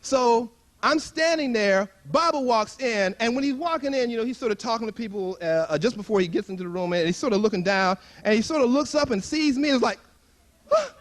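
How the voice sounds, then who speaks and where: A man's voice: very high voice, expressive, fairly quick, hardly any pauses. A man telling a funny story to a live audience at a retreat, acting out the voices he quotes and chuckling often. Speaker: spiritual retreat speaker.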